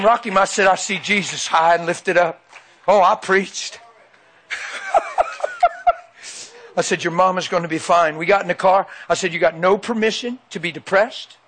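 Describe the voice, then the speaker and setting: Animated high-voiced man preaching. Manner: animated storytelling, acts out quotes. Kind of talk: sermon testimony.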